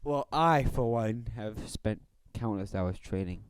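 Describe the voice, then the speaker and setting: Low-voiced jokey young man. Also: takes it slowly, smooth, dry recording. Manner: mock-sentimental, jokey. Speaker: podcast co-host. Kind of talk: casual chat.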